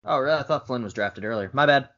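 A man co-hosting a casual sports podcast, quick to argue and needle the others. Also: medium pitch, a bit bright. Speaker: podcast co-host. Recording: dull lo-fi podcast audio.

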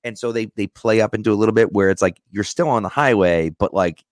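Male podcast co-host, low voice, relaxed explainer, dry close recording. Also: quick pace, no echo. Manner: relaxed, explains things, says "right?" often. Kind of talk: casual chat.

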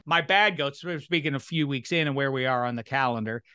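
A man hosting a casual sports talk podcast, ranting in a lively, mocking way. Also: medium pitch, a little fast, a little hiss or hum. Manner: animated ranting, mock complaints. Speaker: podcast host.

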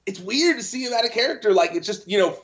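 A man's voice: high-pitched, animated, fast talker, fairly bright tone, highs cut off. A man talking as a guest in a casual podcast chat, enthusiastic and full of fillers.

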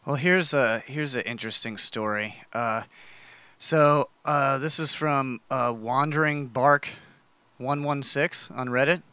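Brief: male co-host, bright crisp voice, dry close-miked sound, reads a story aloud. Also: mid-range voice, takes it slowly, dry recording. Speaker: podcast co-host. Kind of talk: casual chat, reading a story aloud.

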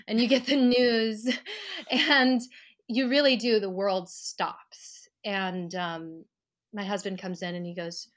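A woman, an actor and writer, telling a personal story at home in an interview, acting out the voices of people she quotes. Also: lowish voice. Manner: reflective, acts out quoted voices with lively rises. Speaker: podcast guest, actor and writer. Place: at home, living room.

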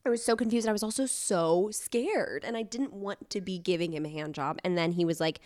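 A young woman telling a candid personal story on a podcast, animated and self-deprecating, with many restarts. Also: lowish voice, moderate pace, dry recording, studio quality. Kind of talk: casual storytelling chat.

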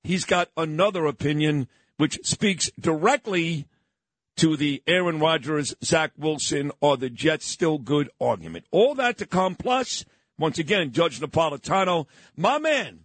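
A man's voice: fairly high pitch, a bit bright, no echo. A man hosting a talk radio show in a combative, sarcastic style, mocking politicians. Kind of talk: opinionated talk radio monologue. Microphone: studio microphone.

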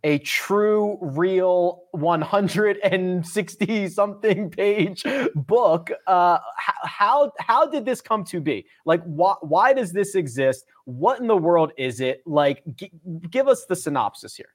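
A man's voice: high voice, expressive, slow pace, few pauses. A man hosting a golf podcast in a casual, upbeat and chatty way. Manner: upbeat, chatty, promotes sponsors and links. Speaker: podcast host.

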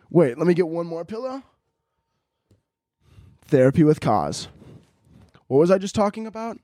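A man's voice: on the high side, sing-song, normal speed, long pauses, dark tone, dry recording, studio quality. A young man hosting a solo podcast, rambling crudely and laughing at his own jokes while lying on pillows at home. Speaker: podcast host. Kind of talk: casual solo podcast rant. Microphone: headphones and podcast mic.

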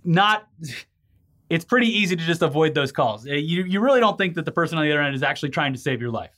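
A man's voice: fairly high pitch, expressive, fast talker, a bit bright. A man co-hosting a casual news chat, rambling and laughing easily as he reads out stories. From California. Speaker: podcast co-host.

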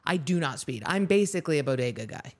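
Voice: medium pitch, expressive, fast. A guest comedian on a casual podcast, speaking in a dry, matter-of-fact way and trailing off mid-thought.

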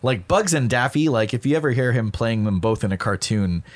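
Chatty middle-aged man telling stories. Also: mid-range voice. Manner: fast, animated storytelling with many fillers. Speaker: guest voice actor. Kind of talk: casual podcast chat.

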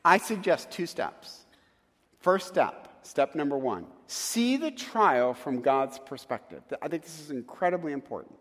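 Animated male preacher in a reverberant hall. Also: a little high, measured pace. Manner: animated storytelling with acted asides. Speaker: pastor. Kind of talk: sermon.

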